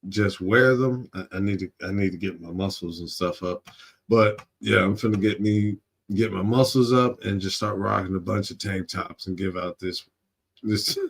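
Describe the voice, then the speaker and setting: Male streamer host, low and slow, slangy and laughing, reacting to clips. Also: gravelly, fairly bright tone. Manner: laughs often, slangy, curses then apologizes. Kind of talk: casual reaction commentary.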